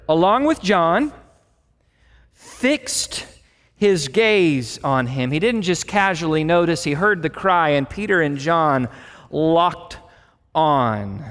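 A man with a high voice preaches a sermon verse by verse. He speaks with emphasis and dramatizes the quoted dialogue. His voice rings with a long reverb, as in a large hall. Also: fairly bright tone. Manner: emphatic, acts out quoted lines. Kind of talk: expository sermon.

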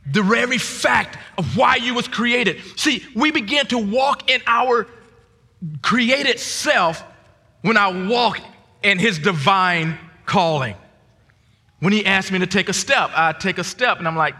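A man's voice: fairly high pitch, moderate pace. Preaching man in a reverberant hall. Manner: repetitive restarts, rising to shouts at peaks. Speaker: guest pastor. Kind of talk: sermon.

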